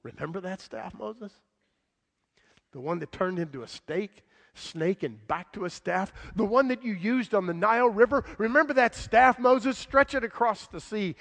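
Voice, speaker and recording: A man preaching a sermon, dramatic, swinging from loud outbursts to hushed lines and acting out the voices in the story. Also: on the high side, big-room sound. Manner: acts out quoted voices in the story.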